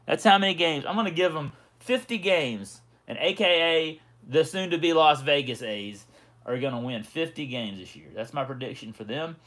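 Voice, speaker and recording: A man's voice: fairly high pitch, lively intonation, normal speed, a bit bright. A middle-aged man hosting a casual livestream, chatting and reading viewer comments aloud. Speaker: livestream host.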